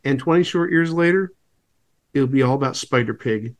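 A man's voice: mid-range voice, moderate pace. A man co-hosting a podcast, making wry, rambling comedic asides about an old TV broadcast. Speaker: podcast co-host. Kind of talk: casual comedic commentary.

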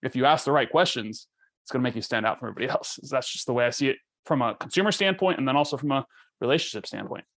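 A man's voice: medium pitch, animated, a bit bright. A man hosting a podcast, chatting casually with a guest and filling his speech with "like" and "you know". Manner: fast, filler-heavy, lots of "like". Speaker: podcast host. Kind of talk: casual interview chat.

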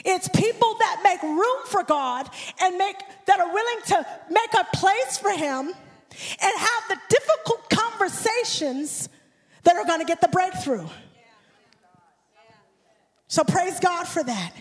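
A woman preaching as a guest speaker in a church, building fervently and breaking into shouts and a sung cadence on a handheld microphone. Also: very high-pitched, expressive, slow. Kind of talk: impassioned sermon. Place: church sanctuary. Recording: long church hall reverb.

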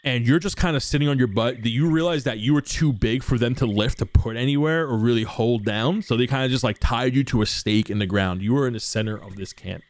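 A man's voice: mid-range voice, brisk, hardly any pauses. A young man narrating as game master, casual and swearing, with lots of fillers.

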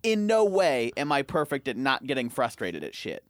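A man's voice: mid-range voice, wildly swooping pitch, moderate pace, no echo. A man co-hosting a podcast in casual chat, ranting in exasperation and swearing freely. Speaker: podcast co-host.

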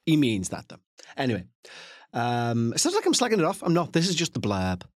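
A man's voice: mid-range voice, huge pitch swings, fairly quick, no echo, clean studio sound. A man hosting a podcast, chatting casually and rambling through asides, with the odd swear. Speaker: podcast host. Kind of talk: casual chat to listeners.

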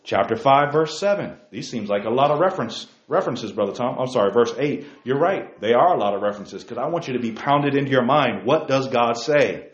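A man leading a Bible study in a fiery preaching style, emphatic, firing off rhetorical questions and leaping to near-shouts. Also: medium pitch, expressive, a little fast, hardly any pauses. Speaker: Bible teacher. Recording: roomy, dull lo-fi sound.

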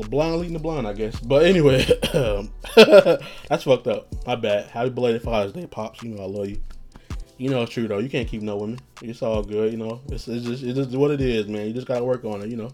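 A man's voice: medium pitch, moderate pace, mellow, faint music behind. A man hosting a podcast who tells stories in a rambling, profane way and laughs at his own jokes. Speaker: podcast host. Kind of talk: casual storytelling.

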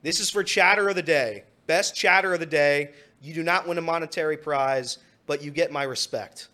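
Man, radio co-host, slightly high pitch, jokey, casual chat. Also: moderate pace, bright, forceful tone. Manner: teasing and jokey, laughing often.

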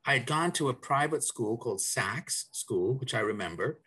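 A man's voice: mid-range voice, expressive, normal speed, pushed and bright, breathy edge. A man from South Africa, middle-aged or older, talking as a guest on a podcast in a rambling way, with restarts and fillers. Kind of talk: casual interview chat.

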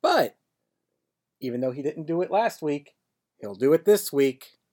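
Lively-pitched sarcastic podcast co-host. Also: measured pace. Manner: wry, sarcastic, with stumbling restarts. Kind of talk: casual chat recapping wrestling.

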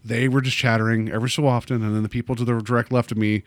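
A man chatting casually about a movie, animated and rambling, full of fillers and restarts. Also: mid-range voice, quick pace, no room sound.

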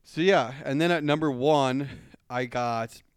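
A man's voice: mid-range voice, unhurried, clean tone, no room sound, studio quality. A man co-hosting a podcast in easygoing casual chat, agreeable and full of fillers. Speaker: podcast co-host.

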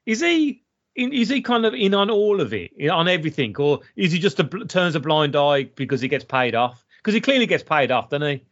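A man talking through a film in casual chat, voice rising and falling a lot as he retells scenes. His pitch sits a little high, and the recording sounds dull and lo-fi. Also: fairly quick. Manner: chatty, animated retelling with restarts.

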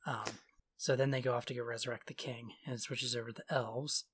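A man's voice: medium pitch, level tone, slight background noise. A man casually retelling a video game's story in a sarcastic, offhand way. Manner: sarcastic, offhand retelling with quick mock quotes. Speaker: podcast co-host recapping a game story. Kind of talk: casual chat.

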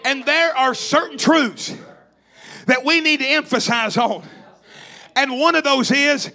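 A man from East Tennessee, preaching a fervent sermon in a church with shouted, repetitive lines. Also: very high-pitched, moderate pace.

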